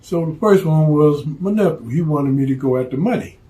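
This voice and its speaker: A blunt, streetwise man recounting a story in plain, profane talk. His voice sits a touch higher than most men's, and he keeps it casual and direct. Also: animated, normal speed, warm tone.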